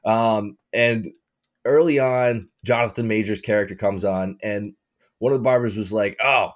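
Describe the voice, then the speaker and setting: A man co-hosting a casual podcast, rambling in a relaxed way and laughing easily. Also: on the low side, normal speed. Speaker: podcast co-host. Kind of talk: casual chat.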